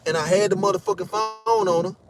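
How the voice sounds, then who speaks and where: Heated high-voiced young man ranting. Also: fairly even intonation, brisk, music in the background. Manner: heated, profane, acts out quotes in raised voices. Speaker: vlogger. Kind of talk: animated storytelling rant.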